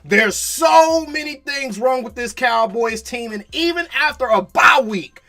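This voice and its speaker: High, bright-voiced exasperated fan. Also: male voice, expressive, a little slow, vocal fry. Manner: exasperated, drawn out. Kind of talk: fan reaction commentary.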